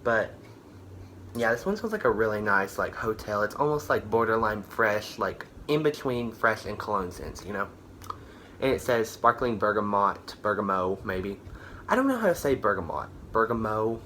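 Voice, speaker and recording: His voice sits on the low side, a bit bright, with big pitch swings at normal speed. He talks casually through a candle haul, rambling with fillers and self-corrections, somewhat tired and breathless, against a little hiss or hum.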